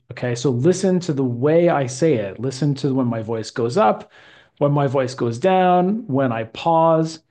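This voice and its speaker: A male English teacher explaining grammar in a deliberate, patient way. He slows down to stretch the important words so the student can follow. His pitch sits in an ordinary middle range for a man. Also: warm tone.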